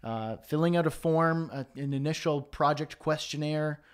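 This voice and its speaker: A man's voice: on the high side, moderate pace. A man hosting a freelancing Q&A livestream from his home studio, talking casually with frequent fillers and self-deprecating asides.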